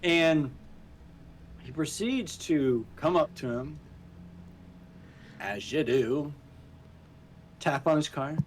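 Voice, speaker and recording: A man's voice: on the high side, takes it slowly, long pauses, a little hiss or hum. Man chatting casually about a movie. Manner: animated, laughing, acts out scenes. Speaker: podcast co-host. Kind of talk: casual chat recapping a movie.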